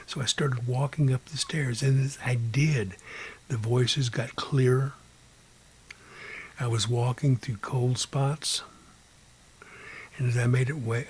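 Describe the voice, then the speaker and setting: Husky man telling a ghost story. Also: mid-range voice. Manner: unhurried, mimics beeping sounds; drops to a hushed whisper at times. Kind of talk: personal ghost story told aloud.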